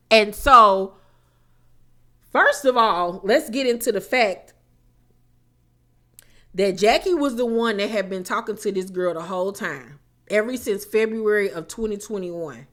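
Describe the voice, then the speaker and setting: A young woman talks through a reality show episode as a casual recap. She is blunt, sassy and quick to curse, at a mid pitch. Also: expressive, fairly bright tone.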